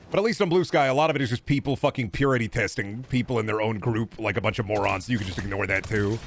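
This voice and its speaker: A man's voice: lowish voice, a bit bright. A male streamer ranting casually, profane, rambling and self-mocking. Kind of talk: casual comedic rant on stream.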